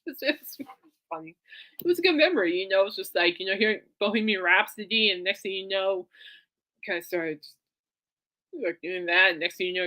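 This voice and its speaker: A woman hosting her own podcast, rambling excitedly in a casual monologue full of fillers and restarts. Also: mid-range voice. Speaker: podcast host.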